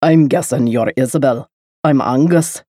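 A woman's voice: extremely low pitch, moderate pace, warm tone, breathy edge, no echo. A woman voicing a Scottish male castle servant with a thick brogue and plain, dry remarks.

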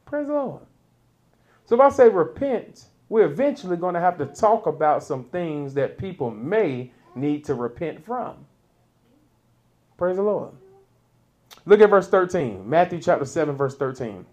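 A man preaching a sermon, reading scripture and explaining it, with laughs between points and sudden loud peaks. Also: sits high.

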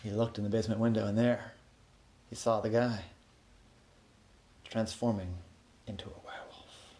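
A man narrating an improvised children's story in a soft, low-key way, with small restarts. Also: little pitch movement, normal speed, slight background noise.

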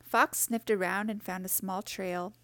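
A woman reading a children's picture book aloud in a gentle, expressive way. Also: medium pitch, a little slow, no echo. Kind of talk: storybook read-aloud.

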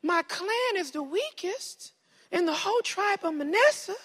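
A man preaching voices Gideon as a timid young man with a Southern accent, high and pleading. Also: animated, a little slow, a bit bright, heavily acted. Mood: whiny pleading.

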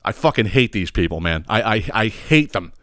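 A man's voice: on the low side, expressive, normal speed, fairly bright tone, no room sound, clean studio sound. A man hosting a podcast, ranting comically in a profane, exasperated way. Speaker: podcast host. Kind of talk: comedic rant.

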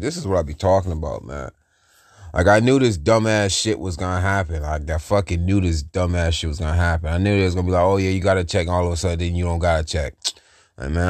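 Profane low-voiced man ranting. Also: no echo, studio quality. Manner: profane, venting, repetitive. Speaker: podcast host. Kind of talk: angry solo rant.

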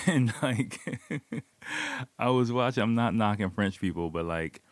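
Give me a deep-voiced man telling a casual, rambling story with swearing. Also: animated, slow, a bit bright, no room sound. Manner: rambling, filler-heavy, swears. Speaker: vlogger.

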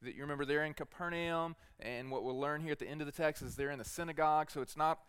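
Male teaching pastor, earnest sermon delivery, smooth tone, dry close sound. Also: a little high, steady tone, fast talker, a bit bright, no echo. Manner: earnest, repeats rhetorical questions to the congregation.

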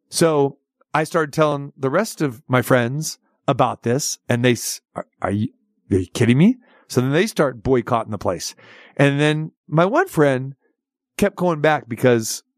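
In a clean studio recording with no room sound, a middle-aged man with a medium-pitched voice spins a lengthy tale during a casual chat. He frequently starts sentences over and animatedly performs the dialogue of the story's characters, raising his voice to do so.

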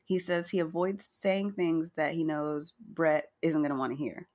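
A woman co-hosting a casual recap chat, chatty and wry, with a slightly hoarse morning voice. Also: low-pitched, fairly even intonation, moderate pace, a little mellow. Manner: chatty, wry, retells scenes with quoted lines. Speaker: podcast co-host recapping a reality show.

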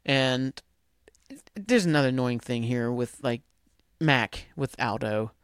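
A man's voice: medium pitch, takes it slowly, clear, resonant tone, dry recording, clean studio sound. A man hosting a podcast, recapping a TV episode in a rambling, casual way full of fillers. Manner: rambling, filler-heavy, acts out characters' lines. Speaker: podcast host.

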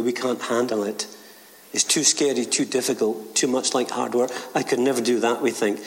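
An older man, a retired minister telling a story and giving a short sermon. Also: mid-range voice. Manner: gentle storytelling, acts out voices in quotes. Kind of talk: short sermon with a told joke. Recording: reverberant church hall.

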